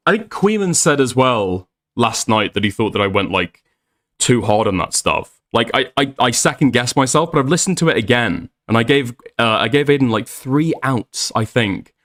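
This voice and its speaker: A man's voice: medium pitch, lively intonation, normal speed, a bit bright. A man, rambling and swearing as he recaps an online argument in a casual voice chat. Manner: rambling, frequent restarts and swearing. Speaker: streamer recapping a debate.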